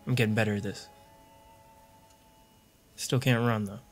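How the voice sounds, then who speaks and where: A gaming video creator plays a video game while making joking, sarcastic running remarks, with audible mouth clicks. His voice is on the low side, fairly even and a little slow, over soft background music.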